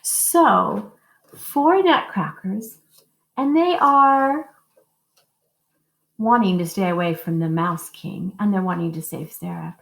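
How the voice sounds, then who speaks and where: A woman's voice: vocal fry, a bit bright. A woman music teacher telling a story to young children and leading simple call-and-response singing, encouraging and sing-song. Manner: slow, sing-song and encouraging, modeling high and low notes for kids. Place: school music room. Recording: echoey classroom.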